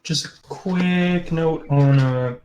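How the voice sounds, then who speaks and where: A man's voice: on the high side, slow pace, darkish tone, slight background noise, poor audio. A man playing in a tabletop game, explaining rules and his plans in a hesitant way, often restarting his sentences. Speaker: player.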